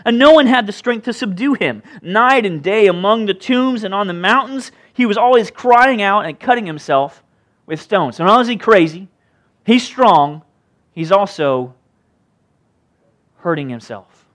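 A male pastor preaching a sermon in an animated, conversational way, with jokey asides. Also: high-pitched, normal speed.

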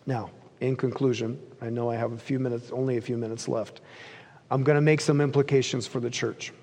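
A man preaching a sermon as pastor, earnest, rising for emphasis and sinking low at the ends of phrases. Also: fairly even intonation, brisk, a little mellow. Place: church sanctuary. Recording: long reverb of a large church hall.

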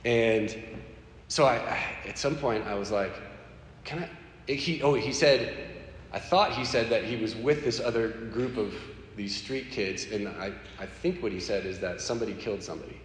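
A man sharing a personal faith story in an animated, conversational way. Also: fairly low pitch, moderate pace. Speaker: speaker sharing a personal testimony. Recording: echoey hall with faint background noise.

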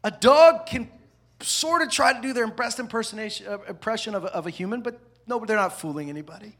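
Preaching briskly, this pastor with parents from the American South uses a fairly high, husky voice. His sermon stays lively and conversational as he alternates between loud, punchy lines and hushed asides that are almost whispered.

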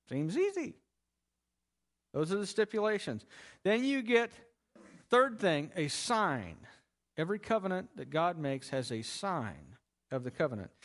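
A man teaching a Bible lesson in a conversational, emphatic way, explaining step by step. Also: high voice.

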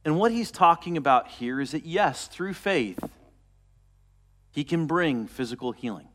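A man preaching a sermon, retelling a story and dropping to a soft, quiet voice for quoted words. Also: a little high, animated, a little slow. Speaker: pastor.

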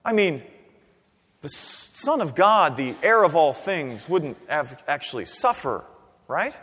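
A man with a high voice preaches a sermon. He swings from near-shouts down to hushed, earnest tones, and the long reverb of a church hall rings around him. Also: slow pace, husky. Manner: animated preaching, rising to near-shouts then dropping low. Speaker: pastor. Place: church sanctuary.

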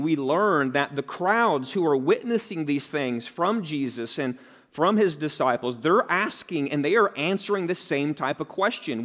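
Emphatic male preacher, rising pitch. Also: a bit bright. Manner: emphatic preaching with repetition and rhetorical questions. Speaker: pastor. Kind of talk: sermon.

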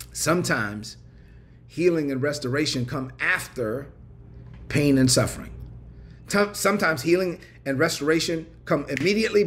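A man preaching a livestreamed sermon with a repetitive, rhythmic cadence, calling on viewers to respond in the chat. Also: fairly high pitch. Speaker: pastor. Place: online livestream.

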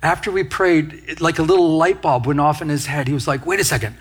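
A man preaching a sermon as a pastor, his voice a touch husky and pitched somewhat high for a man. He tells stories with quoted asides and lively humor. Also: a little fast. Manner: storytelling with quoted asides and laughter.

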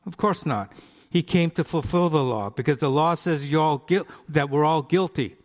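A middle-aged man from the United States preaches to his congregation, talking in a relaxed, conversational way and often asking the listeners questions. His voice sits a little high. A long reverb from a church hall hangs behind him. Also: normal speed. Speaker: pastor. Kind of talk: sermon with live demonstration.

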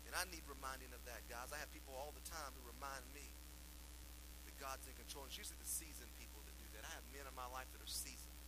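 A man, a lead pastor, preaching a sermon with emphatic bursts and quieter asides. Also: mid-range voice, fast. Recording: poor audio with mains hum.

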